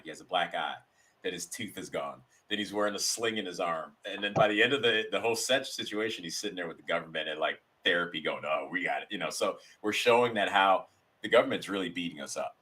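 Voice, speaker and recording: A low-voiced man with a bright, forward tone, chatting as a podcast guest. He tells his stories loosely, circling back and restarting his sentences as he goes. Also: animated, fast talker, breathy edge. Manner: rambling, storytelling with restarts. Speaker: guest, sketch comedian. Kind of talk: casual interview chat.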